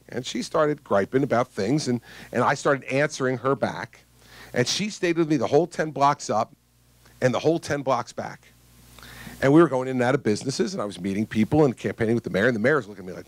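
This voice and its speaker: A man's voice: medium pitch, dry recording. A man, a politician, giving a campaign stump speech to voters in a conversational, emphatic storytelling manner.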